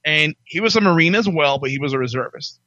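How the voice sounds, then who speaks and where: A man in his forties telling stories in a casual chat, animated, barking out impressions of drill instructors. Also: fairly high pitch, fast, no room sound, dull audio. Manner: animated, acts out drill instructors in loud barks. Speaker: podcast guest telling his life story.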